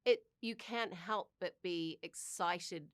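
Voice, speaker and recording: A middle-aged woman with a New Zealand accent, talking about her acting work in a relaxed, expressive interview manner. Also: fairly low pitch, slow pace, dry recording, studio quality. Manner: chatty and expressive, acts out little quoted exchanges. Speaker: actor being interviewed. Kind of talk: casual interview chat.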